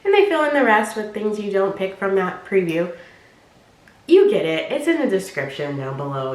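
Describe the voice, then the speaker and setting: A woman vlogger with a high voice and big pitch swings chats at a moderate pace while unboxing a clothing box, in an echoey room on a low-quality recording. She's bubbly, giggly, and rambling, and her voice sounds stuffy and nasal from allergies.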